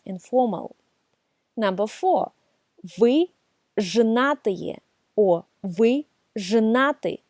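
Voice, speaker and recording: A woman giving a scripted beginner language lesson, reading numbered examples and saying the foreign words slowly and carefully. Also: fairly high pitch, dry recording, studio quality. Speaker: language teacher.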